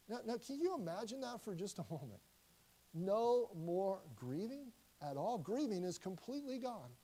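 A middle-aged man preaching from the pulpit. His voice sits a little high but sounds dark and mellow. He talks in a conversational way, stumbles into restarts, then slows down hard on emphatic lines. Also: poor audio. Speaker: pastor. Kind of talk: sermon.

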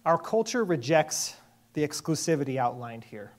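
A man preaching a sermon as a pastor, earnest and measured, with emphatic pauses. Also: on the high side, sing-song.

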